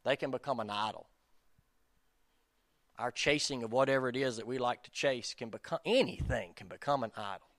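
Male preacher, conversational and self-deprecating, mid-pitched voice, dry close recording. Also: brisk, a bit bright, dry recording. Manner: casual, self-deprecating, addresses listeners as guys. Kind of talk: conversational sermon.

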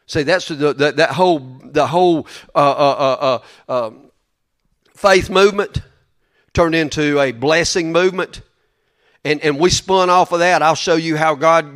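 A man's voice: a little high, a bit bright. A man preaching a sermon in a folksy, emphatic way, often repeating his words.

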